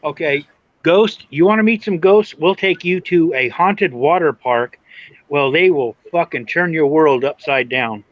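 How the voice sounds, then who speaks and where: A man co-hosting a podcast, telling a story in an animated way and swearing freely. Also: a little high, unhurried, no room sound, lo-fi sound. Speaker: podcast co-host. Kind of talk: casual storytelling.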